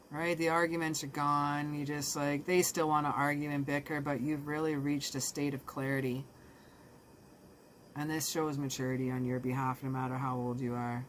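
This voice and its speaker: Low, flat-voiced woman reading tarot. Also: slight background noise. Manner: casual, emotional, talks straight to the viewer. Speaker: tarot reader.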